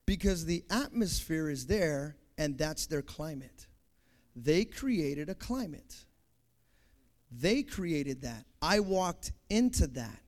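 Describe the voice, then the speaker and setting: A man preaching a sermon, acting out everyday scenes with lively sound effects and asides. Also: takes it slowly. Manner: animated, acts out scenes, sound effects like boom.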